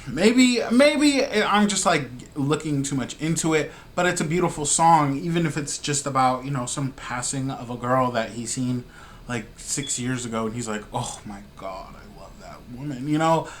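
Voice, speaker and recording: A man hosting a music reaction video, talking in an excitable, slangy, gushing way. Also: on the high side, normal speed. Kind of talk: casual reaction commentary.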